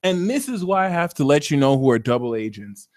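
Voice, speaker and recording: A man hosting a live astrology Q&A stream, talking in a theatrical, excitable, jokey way. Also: fairly high pitch, a little fast.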